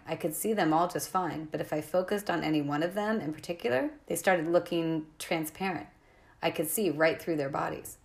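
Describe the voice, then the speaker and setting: A woman narrating a novel aloud in the first person, with a clear, expressive reading. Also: deep voice. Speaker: audiobook reader.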